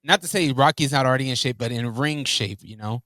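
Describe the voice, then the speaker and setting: A man's voice: medium pitch, a little fast, bright, forceful tone, no echo. A man co-hosting a wrestling podcast, talking animatedly in casual chat, laughing often and using lots of fillers. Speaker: podcast co-host.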